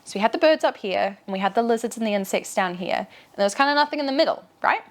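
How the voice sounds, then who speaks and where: A woman's voice: a little high, lively intonation, quick pace. A woman with a New Zealand accent answering questions in a casual vlog. She is chatty and digressive, often breaking off mid-thought. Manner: chatty, digressive, self-interrupting. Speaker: vlogger. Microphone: clip-on wireless mic.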